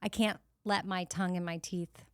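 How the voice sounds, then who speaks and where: Woman with whistling S sounds, animated. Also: on the low side, normal speed, smooth, dry recording. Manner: animated, laughs easily. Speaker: podcast co-host. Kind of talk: casual chat.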